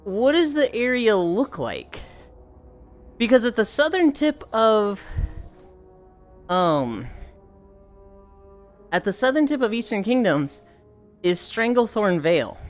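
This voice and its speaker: A woman's voice: fairly high pitch, very animated, takes it slowly, long pauses, faint music behind. A woman livestreamer chatting casually with her viewers, rambling, sighing often and swearing offhandedly.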